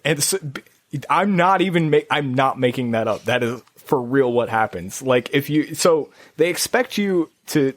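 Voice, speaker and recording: A man in casual podcast chat about video games, rambling and restarting as he goes. His pitch jumps sharply when he gets excited. The sound is close and dry. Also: no echo. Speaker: podcast co-host.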